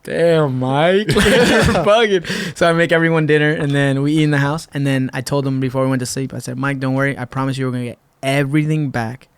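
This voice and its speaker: A man from Puerto Rico, a podcast guest in a studio, telling a lively casual story and acting out his friends' lines. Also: mid-range voice, fast, hardly any pauses, clean tone, no echo. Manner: animated, acts out friends' lines.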